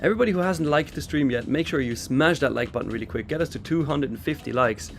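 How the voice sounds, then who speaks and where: Over slight background noise, a gravelly, fairly high-voiced man talks fast with lively intonation. Raised in Switzerland and in London for a trading expo, he hosts a live trading stream with casual market commentary and answers to viewer chat.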